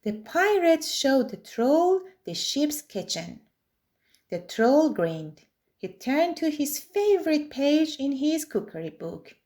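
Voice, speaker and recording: A woman reads a children's picture book aloud at a very slow pace. Her voice sits slightly high and moves a lot in pitch. She tells the story expressively. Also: sing-song, a little mellow. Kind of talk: children's read-aloud narration.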